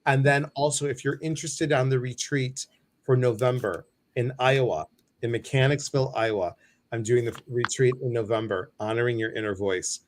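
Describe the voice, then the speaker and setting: A man's voice: mid-range voice, moderate pace. A man hosting a livestream talk show, speaking casually in a playful, joking and slightly flustered way. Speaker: host.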